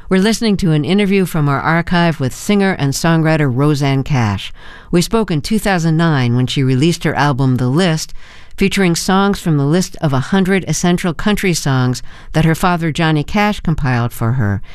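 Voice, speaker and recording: A radio interview host asks engaged, curious questions and sometimes restarts mid-sentence. The voice is smooth and clear, recorded close in a dry studio. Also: mid-range voice, animated, normal speed, dry recording. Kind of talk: radio interview and scripted introductions.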